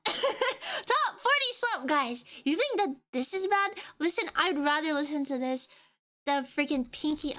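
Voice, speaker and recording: High voiced young woman on stream, ranty and sarcastic, swears a lot, pop music going behind her. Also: moderate pace, fairly bright tone. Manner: ranting, sarcastic, swears, hums along mockingly. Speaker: VTuber streamer. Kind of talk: casual stream reaction rant. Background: pop music playing.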